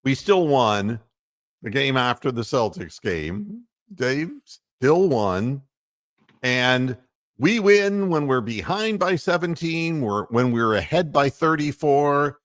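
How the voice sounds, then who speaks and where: Brief: male sports-talk host, rambling and fired up, lively voice, dry close recording. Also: mid-range voice, slow pace, no echo. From Ohio. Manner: rambling, heated, full of fillers and mocking quotes. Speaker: podcast host.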